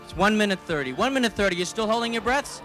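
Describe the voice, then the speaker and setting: A man's voice: sits high, animated, fast, over music. A man hosting a live stage show, chatty and nervous, asking questions as he counts down the time. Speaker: show host. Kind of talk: live stage emcee patter.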